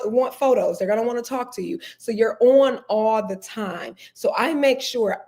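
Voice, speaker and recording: A young woman from the United States, an attorney guest in an interview, talking candidly and emphatically in punchy, heartfelt phrases. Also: a little high. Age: young adult.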